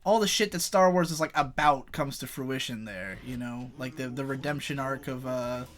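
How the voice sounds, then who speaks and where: A man's voice: medium pitch, moderate pace, crowd noise. A young man chatting casually while playing a fighting game, rambling and swearing, often laughing. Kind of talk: casual chat over gameplay.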